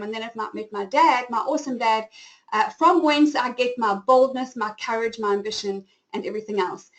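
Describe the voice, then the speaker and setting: A South African woman in her forties, a company founder, hosts a live webinar and shares her own story openly and effusively. Her voice is fairly high at a normal pace, on a rough recording.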